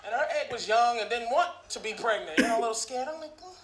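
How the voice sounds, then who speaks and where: A man's voice: extremely high pitch, expressive, fast talker, a crowd in the background. A man in his thirties doing a stand-up comedy set, profane and conversational with mumbled asides. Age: 30s. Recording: echoey club recording with noise.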